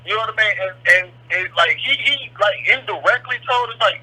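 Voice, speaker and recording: A man's voice: high-pitched, a little fast, few pauses, bright, forceful tone, slightly rough. A young man calling in to a show, talking in a rambling, hesitant way over a phone line. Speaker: caller. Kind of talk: call-in phone conversation.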